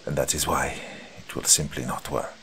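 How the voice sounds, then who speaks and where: A man's voice: a bass voice, fairly even intonation, normal speed, fairly bright tone, slight background noise, voice pushed down. A man voicing a skeptical, stubborn weaponsmith who talks bluntly. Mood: dismissive.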